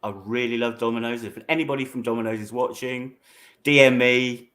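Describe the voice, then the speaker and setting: A man's voice: mid-range voice, steady tone, fairly quick, a bit bright. A British man hosting a casual chat, jokey and playful, laughing often. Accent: British English. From United Kingdom. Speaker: host.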